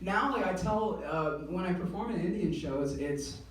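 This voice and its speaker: Excitable young comic, echoey club. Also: male voice, high voice, distant mic, slight background noise. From US (California). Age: young adult. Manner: excitable, casual, swears freely, quick laughs. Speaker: stand-up comedian. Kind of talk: stand-up routine.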